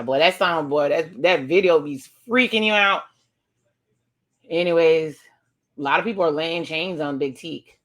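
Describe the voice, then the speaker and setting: A woman's voice: low voice, moderate pace, fairly bright tone. A woman talking casually through a TV episode, retelling scenes and reacting with exclamations. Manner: chatty, narrates scenes aloud with exclamations. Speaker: reaction video host.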